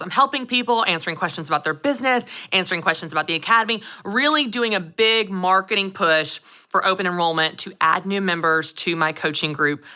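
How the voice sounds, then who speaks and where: A woman, hosting her own show and telling stories in a lively way. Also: on the low side. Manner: animated storytelling, acts out voices. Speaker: show host. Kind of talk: upbeat solo podcast talk.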